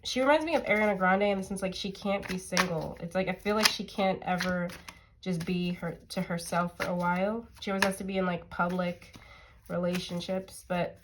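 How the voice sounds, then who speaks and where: A woman's voice: fairly low pitch, steady tone, fairly quick, noisy background. A woman tarot reader with a stuffy, nasal voice, chatting casually and rambling with lots of fillers as she reads the cards. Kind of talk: casual tarot reading chat.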